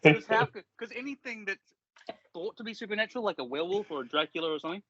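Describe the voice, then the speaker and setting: A man's voice: sits high, animated, fast talker, pushed and bright. A man co-hosting a casual podcast, rambling and swearing often while laughing easily. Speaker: podcast co-host. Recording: dry, dull lo-fi sound.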